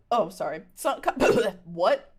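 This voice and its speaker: A woman's voice: medium pitch, expressive, slow pace, husky. A woman streaming a game in casual chat, playful and giggly, burping often and saying excuse me. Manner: burps often and says excuse me; giggly, playful, mumbling asides. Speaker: VTuber streamer. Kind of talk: casual live-stream chat while gaming.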